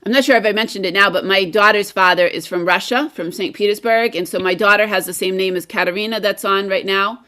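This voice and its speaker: Bright, chatty American woman teacher on a video call. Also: mid-range voice, fast, few pauses. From United States. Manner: enthusiastic, chatty, repeats words as she talks. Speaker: guest English teacher. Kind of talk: casual live-stream discussion.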